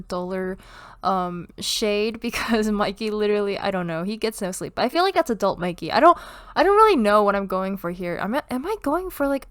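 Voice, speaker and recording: Young woman, congested, casual drawing commentary, filler-heavy, smooth voice, dry sound. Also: medium pitch, no room sound. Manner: rambling with many fillers and self-laughs. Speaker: art youtuber.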